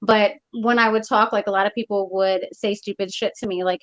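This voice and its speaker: A woman's voice: medium pitch, fairly even intonation, a little fast, a bit bright, highs cut off, a little hiss or hum. A woman from Texas in a casual discussion, telling her story frankly and bluntly.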